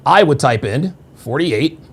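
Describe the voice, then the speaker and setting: A livestream host in his forties rambles casually and repeats himself, tossing crude, profane asides directly to his viewers. His voice is fairly high, expressive, creaky and slightly rough, at a measured pace.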